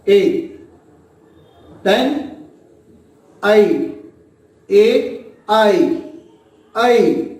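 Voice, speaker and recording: A man's voice: sits high, a little mellow. A Hindi-native man with an Indian accent teaching an online language lesson, repeating each sound and asking the class to say it back. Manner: drills sounds by repeating them, asks "what we say?". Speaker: Hindi tutor. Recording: very echoey room, distant mic.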